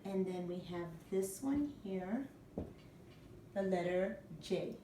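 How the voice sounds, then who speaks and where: Slow, patient woman teacher in echoey room. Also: fairly low pitch, mellow, a little hiss or hum. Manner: slow, patient, spelling words out letter by letter. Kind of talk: recorded classroom lesson for young children. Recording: echoey room, mic at a distance.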